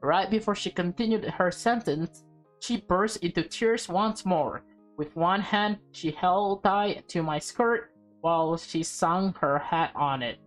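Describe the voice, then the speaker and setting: Slow-reading young woman streamer. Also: on the low side, soft background music. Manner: emotional, laughing reactions. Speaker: streamer reading a visual novel. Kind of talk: casual let's-play reading and reactions.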